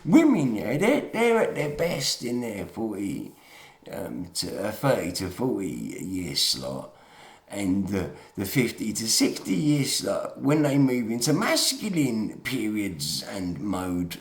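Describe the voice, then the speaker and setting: A man's voice: lowish voice, very animated, slow pace, roomy sound. A tired man ranting emotionally in a late-night monologue, often calling the listener "mate". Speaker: online talker.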